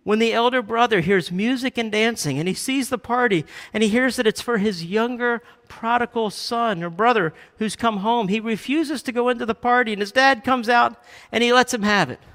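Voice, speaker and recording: A male pastor preaching a sermon, animated, acting out quoted Bible lines with a raised voice. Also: very high-pitched, moderate pace. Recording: long hall reverb.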